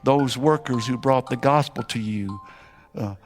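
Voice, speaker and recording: A man preaching as a missionary, telling a story emphatically, rising to shouts and falling to near whispers. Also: medium pitch, unhurried, soft background music. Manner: emphatic, climbing to shouted exclamations, then dropping to a hush. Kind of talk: sermon storytelling.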